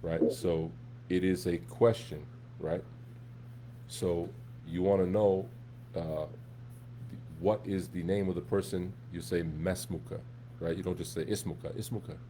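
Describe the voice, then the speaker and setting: A man teaching an Arabic class in a relaxed, conversational way, often checking in with his students. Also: sits low, slow, pauses often, slight background noise. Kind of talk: live classroom lesson.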